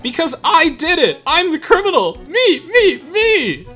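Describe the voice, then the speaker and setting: A man voicing a timid, meek male suspect who shrieks that he is guilty and stammers when calm. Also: medium pitch, slow, gravelly, faint music behind, full character voice. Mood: shrieking. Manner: shrieks eagerly, then stammers nervously.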